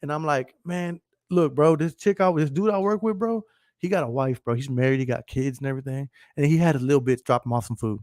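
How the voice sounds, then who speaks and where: A male podcast host with a fairly high, darkish voice talks briskly, ranting casually and profanely as he rambles and laughs often. He keeps repeating "you know what I'm saying," and the studio-quality audio has no echo.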